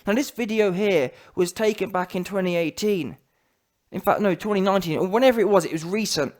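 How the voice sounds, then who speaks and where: A man's voice: sits high, brisk. A man ranting in a heated, slangy, mocking way as a boxing commentary vlogger.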